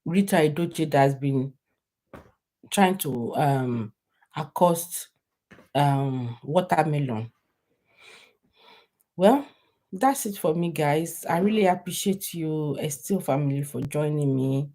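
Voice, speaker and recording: A woman's voice: sits low, lively intonation, slow pace, pauses often, mellow. A Nigerian woman chatting casually to her viewers on a live stream, rambling and laughing often.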